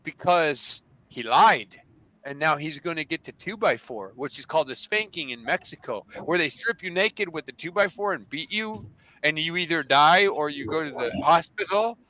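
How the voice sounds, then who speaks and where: An American man casually telling a rambling, profane story on a livestream, animated and full of restarts. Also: a little high, no room sound, rough recording. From United States.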